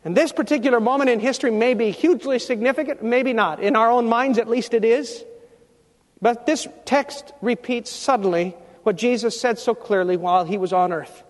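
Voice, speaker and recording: Male pastor preaching, emphatic, high voice, long echo of a big church hall. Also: normal speed. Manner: emphatic preaching, rising to loud climaxes. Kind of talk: sermon. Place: church sanctuary.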